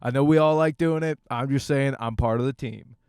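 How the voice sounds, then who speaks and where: A man's voice: medium pitch, fairly quick, a little mellow, clean tone, no room sound, clean studio sound. A young man from Michigan, a stand-up comic hosting a casual podcast, rambling and joking alone on his way to the gym. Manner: jokey, riffing, acts out bits. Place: car on the way to the gym.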